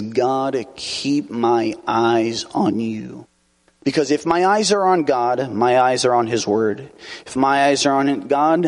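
A man delivers a sermon in a relaxed, conversational manner. His voice sits at an ordinary middle pitch, and he keeps checking in with the congregation through tag questions and brief chuckles. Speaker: preacher.

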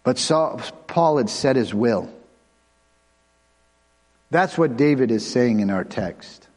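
A man preaching a sermon as pastor, conversational, with quick asides and bursts of fast talk. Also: mid-range voice, expressive, darkish tone. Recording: long hall reverb.

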